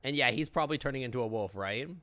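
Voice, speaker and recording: A man's voice: medium pitch, racing, sharp tone. A man streaming a game live, chatting, laughing often and reacting on the fly. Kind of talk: live gameplay commentary.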